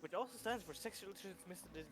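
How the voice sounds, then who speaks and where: A man coding during a stream, thinking aloud in halting bits. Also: sits high, fairly bright tone, soft background music. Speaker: programmer on stream. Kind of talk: casual chat while coding.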